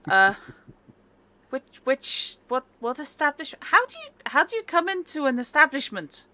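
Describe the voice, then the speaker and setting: A woman's voice: sits high, big pitch swings, unhurried, bright, forceful tone, dry recording. A woman narrating a tabletop game as game master, chatty, with many fillers and laughs.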